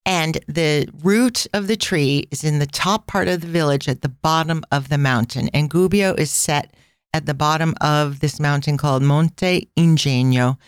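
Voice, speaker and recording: A woman's voice: deep voice, normal speed, clean tone, no echo, clean studio sound. A woman hosting a casual travel podcast, telling stories in a chatty way with tangents and asides. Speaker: podcast host.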